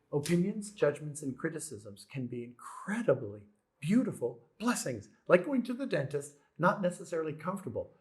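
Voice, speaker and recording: A man giving an earnest spiritual self-help talk, repeating phrases and asking rhetorical questions. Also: on the high side. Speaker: motivational speaker.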